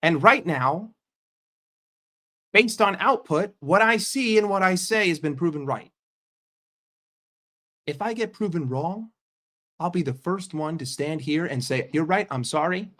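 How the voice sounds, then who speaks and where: A man's voice: a little high, animated, measured pace, long pauses, sharp tone. An American man in a sarcastic, combative rant on a fan stream, swearing often. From United States. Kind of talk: ranting live stream.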